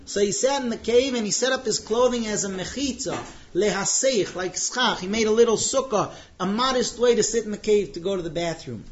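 A man teaching a Torah lesson as a dramatic storyteller who slows down for tension. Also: high voice, dull audio. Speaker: religious teacher.

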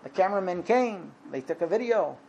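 A man in his thirties telling a religious story in a casual, lively way, acting out the voices of the people in it. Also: high voice, brisk, creaky, lo-fi sound, a little hiss or hum. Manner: lively, acts out quoted voices. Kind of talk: storytelling talk.

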